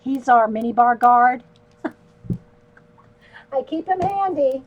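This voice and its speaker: A woman's voice: high voice, lively intonation, takes it slowly, no echo, narrow, tinny audio. A woman hosting an art livestream, chatting casually with viewers as she draws and laughing often. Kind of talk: casual livestream chat while drawing.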